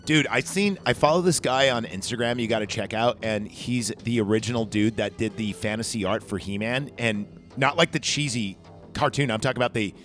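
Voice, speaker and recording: A man's voice: mid-range voice, a little fast, fairly bright tone, soft background music. A man casually recapping a film on a podcast, rambling and swearing as he acts out its lines. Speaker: podcast co-host. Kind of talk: casual movie recap chat.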